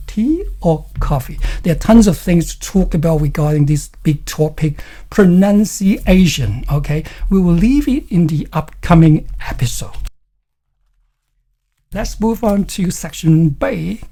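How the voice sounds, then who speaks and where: Male English tutor, unhurried and husky, demonstrates intonation on example phrases, keeps checking in with "okay". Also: fairly high pitch, dark tone. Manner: explanatory, peppered with "you know" and "okay". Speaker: English teacher. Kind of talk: online English lesson.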